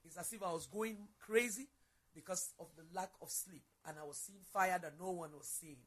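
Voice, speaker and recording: A woman's voice: on the low side, normal speed, fairly bright tone, breathy edge. A woman sharing a personal faith testimony as a guest, telling it as an earnest story and often repeating or restarting her phrases.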